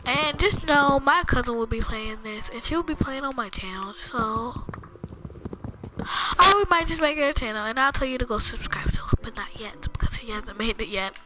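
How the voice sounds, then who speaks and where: A woman's voice: normal speed, rough recording. Chatty woman narrating her gameplay. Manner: chatty, talking to viewers in a low voice. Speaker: gaming channel host. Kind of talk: casual gameplay commentary. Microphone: headphones with a mic. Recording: game music playing behind.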